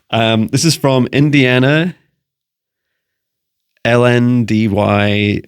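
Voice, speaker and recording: This psychic mentor from Scotland rambles casually through viewers' questions, restarting often and using lots of fillers amid playful beeps. His mid-range voice stretches out words, leaves long pauses and sounds clean.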